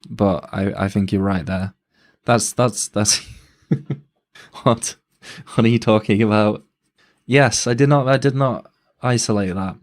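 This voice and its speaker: A man reacts to a video during a live stream, thinking aloud with a halting, thoughtful delivery. His voice sits a little low, and he is often amused. He comments casually as he watches. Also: a little mellow.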